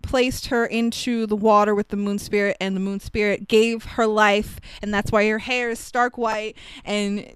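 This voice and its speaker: A woman co-hosting a podcast, recapping an animated show in casual chat, animated and swearing constantly with frequent laughs. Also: medium pitch, moderate pace, few pauses, clean tone, no echo. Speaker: podcast co-host.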